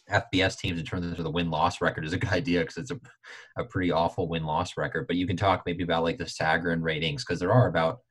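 A man hosting a sports podcast, talking in an animated, exasperated casual chat. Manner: animated, exasperated, quick to jump in pitch. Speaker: podcast host.

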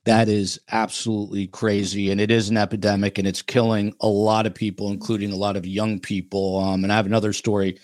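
A man's voice: on the low side, flat delivery, a little mellow, no room sound, studio quality. A man with a New York accent hosting a podcast, talking casually with frequent hesitations. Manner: casual, halting with fillers. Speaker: podcast host. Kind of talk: podcast interview.

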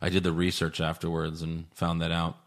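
A man hosting a podcast, casually recapping an episode, animated, laughing often and acting out quotes. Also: low voice, brisk. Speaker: podcast host. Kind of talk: casual chat recapping a show.

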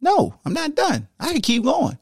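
A man puts on a vain, boastful alter ego who teases and preens in a sing-song voice, pitched far above his own. He sounds petty and showy, and the dry, close recording has almost no room sound. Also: wildly swooping pitch, normal speed, gravelly, a little mellow, breathy edge, no echo, heavily acted. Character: vain, petty, boastful male alter ego calling himself a pretty bird.

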